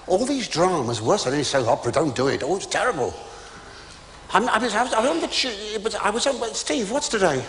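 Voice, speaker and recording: Stammering older male comedian, animated. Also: sits high, a little fast, slight background noise. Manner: stammering, chatty, exclamatory asides. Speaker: stand-up comedian. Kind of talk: live stand-up comedy. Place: live venue with student audience. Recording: reverberant hall with audience.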